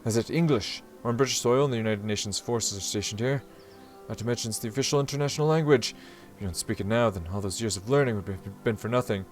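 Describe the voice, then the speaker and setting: Guy reading as a fussy formal young samurai dude, kinda low voice, formal and flustered. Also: fast talker, soft background music, lightly acted. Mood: earnest. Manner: reads stiff, formal inner monologue aloud. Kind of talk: reading a visual novel aloud while playing.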